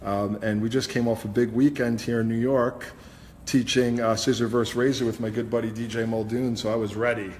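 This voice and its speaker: A man's voice: medium pitch, flat delivery, a little fast, slight background noise. A man, a hairstylist and host, chatting as he teaches a live haircut demonstration and explains each step. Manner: chatty, explains steps as he cuts. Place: hair salon studio. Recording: echoey salon with long reverb, faint ambience.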